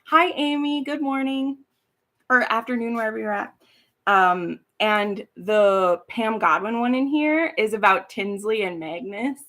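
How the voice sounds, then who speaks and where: A woman's voice: fairly high pitch, unhurried, pushed and bright. A woman hosting a casual live stream, chatting in a rambling way, swearing freely and laughing easily. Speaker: booktube host. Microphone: streaming from home setup.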